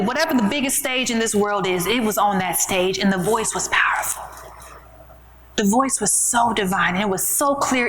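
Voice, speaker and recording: A woman's voice: on the high side, a bit bright, slight background noise, low-quality recording. A woman giving a motivational keynote talk at a conference, speaking in an emphatic, conversational preaching style with rhetorical questions. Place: conference room with an audience.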